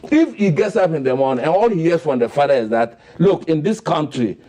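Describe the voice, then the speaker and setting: Fast and fiery, a man with a Ghanaian English accent rails on a radio talk show, his slightly high, dark voice swinging sharply in pitch. He's a panelist throwing rhetorical questions around the studio in indignant commentary.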